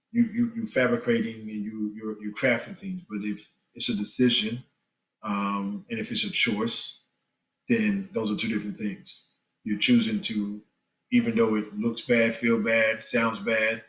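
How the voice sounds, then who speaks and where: A middle-aged man giving earnest relationship advice on a podcast, with animated, preacher-like emphasis. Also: lowish voice, measured pace, roomy sound, poor audio. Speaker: guest, spiritual father. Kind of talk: candid podcast conversation.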